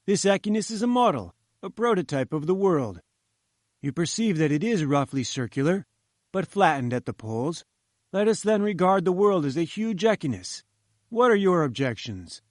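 A man's voice: high voice, big pitch swings, normal speed, no room sound, studio quality. A man reading the lines of a pompous, condescending male professor who lectures in a lofty, patronizing manner. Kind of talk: audiobook character voice.

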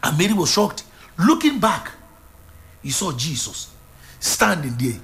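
A man's voice: fairly high pitch, sing-song, measured pace, long pauses, a bit bright. A man preaching a sermon, retelling a Bible story with fervent, dramatic delivery and repeated phrases.

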